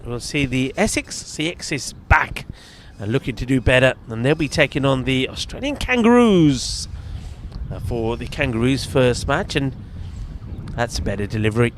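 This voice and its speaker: A man's voice: medium pitch, big pitch swings, normal speed, a little hiss or hum. A man giving live, chatty commentary at a cricket match, bantering with the fielders near him. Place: outdoors at a cricket ground.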